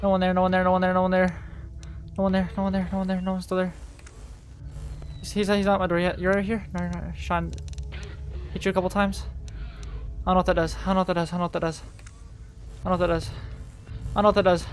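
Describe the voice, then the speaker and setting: A man's voice: high-pitched, level tone, fast talker, long pauses, soft background music. A young man hosting a horror game let's play, muttering nervously, swearing and repeating the same phrases over and over. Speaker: gaming channel host.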